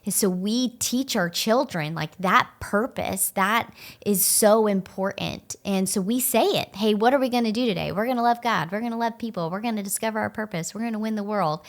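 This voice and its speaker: A woman's voice: mid-range voice, moderate pace. A woman in her thirties co-hosting a church podcast, telling stories and acting out chats with her child. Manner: warm, storytelling, acts out conversations with her child. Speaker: podcast co-host. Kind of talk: casual podcast talk.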